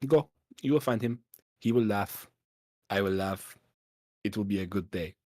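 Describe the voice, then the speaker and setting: A game master voicing a snobbish male city fixer with a put-on French accent, haughty, slow and hesitant. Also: on the low side, darkish tone, dry recording, studio quality, natural voice. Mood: condescending.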